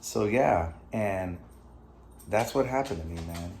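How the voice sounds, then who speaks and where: A man's voice: fairly low pitch, lively intonation, slow, gravelly, darkish tone, slight background noise. A middle-aged man hosting his own vlog, telling a personal story in a loose, conversational way with many fillers and asides. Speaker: vlog host. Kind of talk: casual storytelling to camera.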